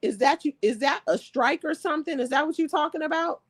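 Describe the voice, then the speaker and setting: A woman's voice: sits high, fast, dry recording. A woman hosting a live stream, chatting casually and reading viewer comments aloud, laughing often.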